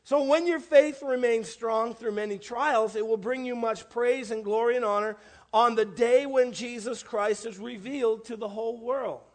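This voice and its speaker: High-voiced joking preacher. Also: male voice, fairly even intonation, moderate pace. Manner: folksy storytelling with jokes and repetition for emphasis. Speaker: pastor. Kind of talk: sermon.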